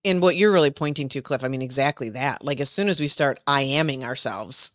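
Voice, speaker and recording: A podcast host in casual conversation, warmly affirming and enthusiastic, quick to laugh and agree. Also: medium pitch, no echo, studio quality.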